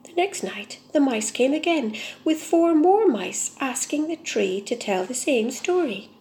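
A woman narrating a fairy tale with a slightly raised, gentle voice. She reads at a measured pace, in a calm storybook manner. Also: high-pitched, echoey room. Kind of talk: storybook reading.

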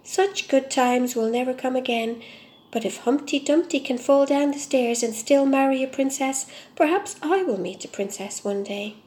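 A woman's voice: high-pitched, moderate pace, a little mellow, close to an everyday voice. A woman voicing a hopeful, wistful male fir tree in a storybook reading. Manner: earnest, longing, sometimes indignant.

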